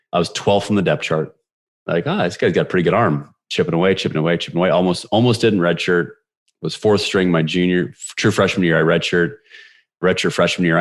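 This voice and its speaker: A man in his forties, a podcast guest, retelling a sports story with energy and quoted voices. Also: deep voice. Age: 40s. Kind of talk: storytelling interview.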